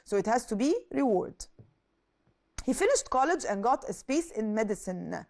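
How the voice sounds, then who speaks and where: Lively woman teaching English. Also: on the high side, normal speed, vocal fry. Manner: switches into Arabic to translate words; asks questions and answers them herself. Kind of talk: explaining a lesson.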